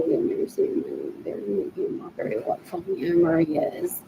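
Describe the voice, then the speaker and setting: A woman's voice: fairly low pitch, gravelly, warm tone, slight background noise, poor audio. A woman in her forties rambling agitatedly in a solo video monologue. She repeats herself and slips between English and Spanish. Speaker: vlogger asking for money.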